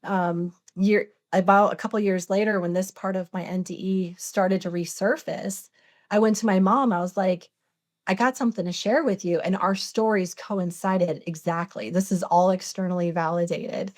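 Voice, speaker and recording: Her voice is on the low side and darkish, steady in tone and moderate in pace. A podcast guest in her forties, she earnestly relates something that happened to her, voicing the dialogue as she tells it.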